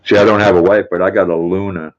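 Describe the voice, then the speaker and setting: A man's voice: low voice, steady tone, quick pace. An older man hosting a livestream, reading viewer chat aloud in a folksy, chatty way. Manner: folksy, warm with his dog, chatty. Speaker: livestream host. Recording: tinny phone-like sound.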